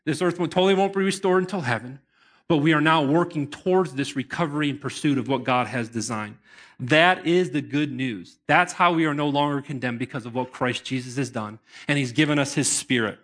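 A man's voice: medium pitch, fairly quick. A man preaching a sermon to his congregation in an earnest manner. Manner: earnest preaching, bursts into excited shouts. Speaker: pastor.

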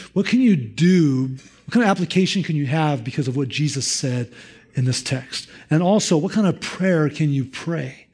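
A man preaching a sermon as a pastor, speaking to his listeners with direct questions and lively retellings. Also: fairly high pitch, husky.

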